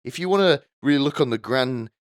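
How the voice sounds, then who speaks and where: A man's voice: mid-range voice, lively intonation, brisk, no echo, clean studio sound. A young man hosting a podcast with a crude, rambling, sardonic comedic monologue. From United Kingdom. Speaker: podcast host.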